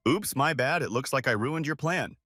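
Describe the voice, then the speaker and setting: A man's voice: medium pitch, wildly swooping pitch, fast talker, fairly bright tone, no echo, clean studio sound. A man voicing a cocky young male fighter from a comic recap, with a sarcastic, teasing manner. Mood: sly mocking.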